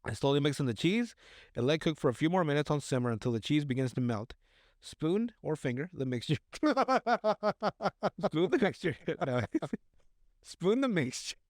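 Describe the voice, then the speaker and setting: A man's voice: on the high side, animated, moderate pace, darkish tone, dry recording, studio quality. Crude joking man reading recipes. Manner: stumbling, joking, crude, laughs often. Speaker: podcast co-host. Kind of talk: casual chat, reading recipes aloud.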